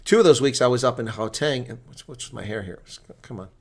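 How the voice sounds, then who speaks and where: A man's voice: mid-range voice, fairly quick, a little mellow, slightly rough. A man chatting casually on a live stream, rambling between viewer comments and rugby talk.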